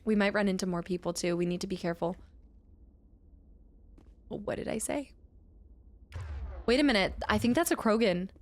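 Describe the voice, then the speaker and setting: A woman streaming a game, chatting casually with her viewers, laughing often and shouting during fights. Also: medium pitch, normal speed, long pauses. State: out of breath. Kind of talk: casual live-stream gameplay chat.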